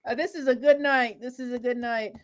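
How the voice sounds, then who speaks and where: A woman hosting a live watch-party stream, chatting casually and gushing with excitable giggles. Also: fairly high pitch, a little fast. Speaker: livestream host.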